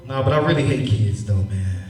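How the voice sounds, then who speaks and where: A man's voice: fairly low pitch, fairly quick, distant mic, faint music behind. A young man doing a stand-up set, loose and profane, then chatting about his start in comedy. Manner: loose, profane, animated storytelling. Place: stage in a cinema. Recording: echoey hall, voice from off mic, faint noise.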